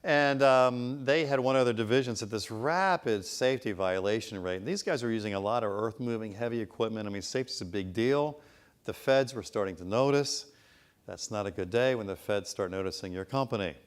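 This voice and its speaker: A man's voice: fairly low pitch, a little fast. A man, a business consultant, giving a conference presentation in a conversational, anecdotal storytelling manner with rhetorical asides.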